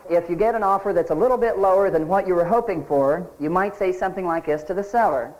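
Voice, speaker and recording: A man's voice: high-pitched, quick pace, darkish tone, low-quality recording. A man teaching a real estate sales seminar, telling folksy anecdotes and asking his listeners questions as he goes. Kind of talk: recorded seminar lecture.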